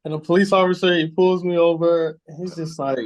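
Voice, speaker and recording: A man's voice: a little high, little pitch movement, a little fast. A man in his thirties from the San Francisco Bay Area, casually telling stories in an interview. He repeats words as he goes and acts out the quoted voices. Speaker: guest, former pro football player.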